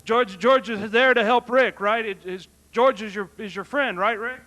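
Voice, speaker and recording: Announcer guy, high and bright, brisk wrestling-show patter.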